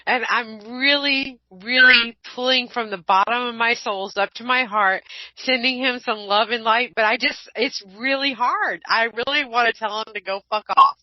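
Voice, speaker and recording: A woman hosting an online radio show in casual chat, blunt and animated, swearing freely. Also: fairly high pitch, moderate pace, no room sound. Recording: dull lo-fi online radio, dry.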